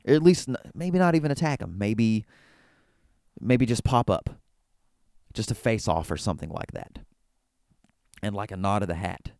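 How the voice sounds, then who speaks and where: A man's voice: lowish voice, animated, moderate pace, pauses often, a little mellow, no echo, clean studio sound. A man hosting a solo wrestling talk show, recapping an event in an enthusiastic, rambling way with frequent restarts. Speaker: wrestling podcast host. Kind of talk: casual solo commentary.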